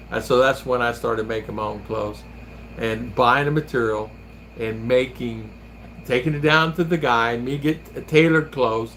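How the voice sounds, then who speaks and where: A man's voice: medium pitch, a bit bright, slight background noise. A man hosting a vlog, chatting casually and telling rambling stories while laughing often. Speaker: vlogger and host. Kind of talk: casual chat.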